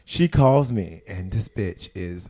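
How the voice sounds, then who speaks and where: A young man hosting a talk show, telling a story in a campy, animated, profane way. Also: low voice, slow. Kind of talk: casual storytelling chat.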